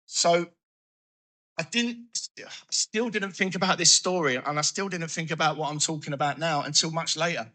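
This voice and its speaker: Man, bright tense voice, lively first-person recovery talk, plays out his inner voice. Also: fairly high pitch, normal speed. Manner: animated storytelling, acting out his own thoughts. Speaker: recovery speaker.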